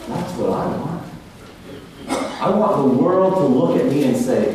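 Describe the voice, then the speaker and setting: A man preaching a sermon in a church hall, emphatic, dropping to a hush and then rising loud again. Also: medium pitch, expressive, measured pace, slight background noise. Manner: emphatic, swings between hushed and loud. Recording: echoey hall, mic far off.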